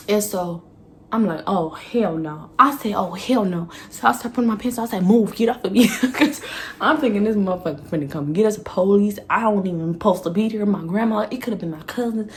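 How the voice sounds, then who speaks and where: A woman's voice: mid-range voice, fairly quick, slight background noise. A young woman telling a candid, profane storytime on her vlog, laughing often and acting out what she said back then. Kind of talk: casual storytime.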